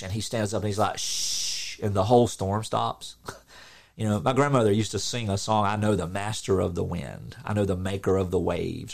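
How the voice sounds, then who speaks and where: A middle-aged man preaching an informal sermon, earnest and animated, acting out quotes with a laugh now and then. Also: on the low side, gravelly.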